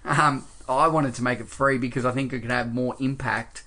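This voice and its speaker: An Australian man speaking as a podcast guest in an easygoing, rambling way, full of "you know" and "mate". His voice sits at an average pitch for a man, neither high nor deep. He talks like someone chatting late at night after a long day. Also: moderate pace. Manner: relaxed and rambling, many fillers and "mate". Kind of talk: casual interview chat.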